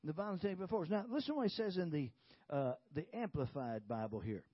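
High-voiced preacher telling a story. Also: male voice, animated, fast talker, breathy edge, no room sound, dull audio. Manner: storytelling, repeats "he said" and "hallelujah". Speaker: pastor. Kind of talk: sermon.

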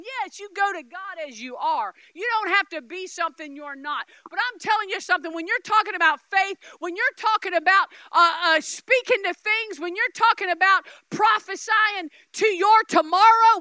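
A middle-aged woman preaches with a very high, bright voice, stressing words and doubling back on herself. She jumps from shouted lines to hushed asides. The sound is close and dry. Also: normal speed, few pauses, dry recording. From Oklahoma, US. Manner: emphatic, repeats words, swings from loud shouts to quiet asides. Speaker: guest preacher. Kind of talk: Pentecostal sermon.

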